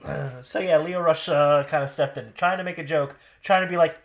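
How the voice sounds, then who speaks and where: A man hosting a podcast in casual chat. He is animated and jokey, laughs often, and mocks what other people say. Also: a little high, normal speed. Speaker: podcast host.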